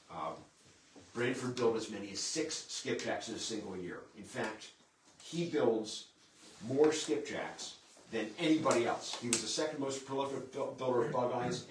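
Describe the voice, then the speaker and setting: A low-voiced man gives a relaxed history lecture to an audience, walking through slides and asking himself questions he then answers. He sounds some way off the microphone in a roomy hall, with faint background noise. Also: distant mic. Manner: conversational, poses and answers his own questions. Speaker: museum historian giving a lecture. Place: lecture room at a historic site.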